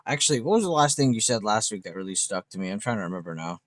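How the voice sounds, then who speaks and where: This livestream host races along in a lowish voice with lively intonation, recorded without echo. He keeps it casual and loose as he reads viewer comments, joking, laughing at his own jokes and swearing now and then.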